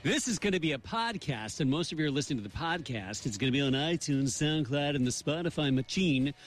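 A man's voice: a little high, lively intonation, a little fast. Playful man co-hosting a radio show. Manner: playful, goofy, mock-pompous announcer voice. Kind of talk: jokey radio banter.

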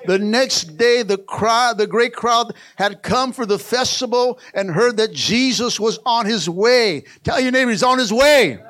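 High-voiced fervent preacher man. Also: unhurried, few pauses, fairly bright tone. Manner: fervent, urging the congregation with repeated calls. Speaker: pastor. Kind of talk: sermon with call-and-response. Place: church sanctuary.

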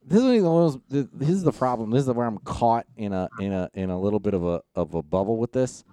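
A man's voice: fairly low pitch, fast talker, warm tone, smooth, dry recording, clean studio sound. A man co-hosting a podcast in casual chat, rambling and hesitant as he explains things. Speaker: podcast co-host.

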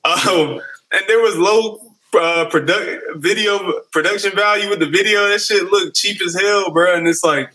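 A man's voice: high-pitched, normal speed, sharp tone, rough recording. A man in a casual chat, loose and slangy, laughing as he tells stories.

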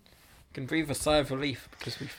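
A man's voice: medium pitch, fairly even intonation, a little fast, a little hiss or hum. A man co-hosting a comedy podcast, teasing his partner, laughing often and acting mock-exasperated. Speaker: podcast co-host.

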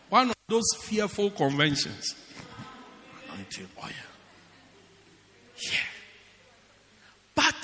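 A man's voice: sits high, fairly bright tone, big-room sound. A man preaching a sermon as pastor, in a teasing, joking, conversational way.

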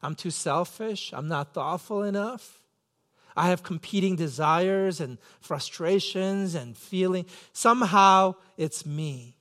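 A man's voice: sits high, slow, fairly bright tone. A man preaching a sermon as pastor, earnest and self-questioning, acting out his own pleading thoughts.

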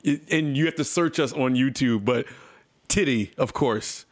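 A young man co-hosts a relaxed gaming podcast, his voice sitting in an ordinary middle pitch. He rambles through his points and laughs often. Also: moderate pace. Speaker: podcast co-host. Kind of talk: casual chat.

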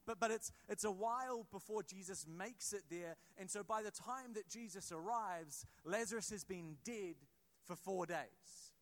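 In his sermon, a high-voiced pastor converses with his congregation instead of lecturing them. As he works through a passage, he restarts sentences clumsily and throws in brief asides.

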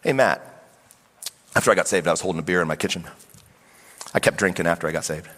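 A middle-aged man preaching a sermon as pastor, animated and acting out voices of Bible figures. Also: low voice, racing, breathy edge. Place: church sanctuary. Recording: long hall reverb.

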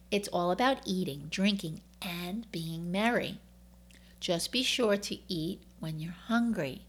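A woman's voice: fairly low pitch, animated, a little slow. A woman with a New York accent hosting a wellness talk, upbeat and enthusiastic, with chatty asides to her listeners. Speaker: wellness author and host. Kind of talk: scripted wellness talk to camera.

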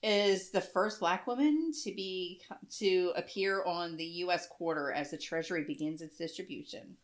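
A woman's voice: on the low side, normal speed. A woman co-hosting a casual podcast chat, chatty and gushing, with frequent laughter and repeated words. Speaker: podcast co-host.

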